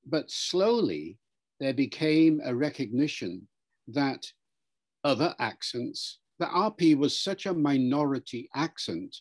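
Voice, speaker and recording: A man explains things in an unhurried, lecturing manner, like a patient expert taking a question. His voice sits at an ordinary pitch for a man, neither high nor low. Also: sing-song. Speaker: interviewed language expert. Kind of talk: explanatory interview answer.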